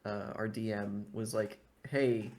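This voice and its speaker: A man's voice: fairly low pitch, level tone, fairly quick, creaky. A man playing in a tabletop game, chatting casually with friends. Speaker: player. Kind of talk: casual chat.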